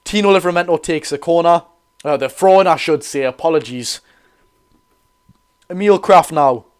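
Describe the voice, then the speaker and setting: A man's voice: on the high side, moderate pace, smooth. Geordie man commentating a football watch-along. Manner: chatty, self-correcting, reads out viewer comments. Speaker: live watch-along host. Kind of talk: live football commentary and chat.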